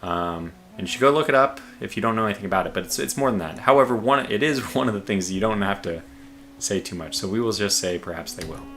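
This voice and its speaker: Low-voiced, bright male game streamer. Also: lively intonation, quick pace. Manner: rambling, thinks aloud with many fillers; calls himself a quiet guy. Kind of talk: casual livestream commentary.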